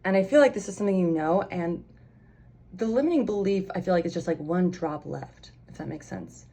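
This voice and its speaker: A woman's voice: lowish voice, a little fast, dark tone. A young woman giving a casual pick-a-card tarot reading, chatty and rambling, with lots of fillers and restarts. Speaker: tarot reader.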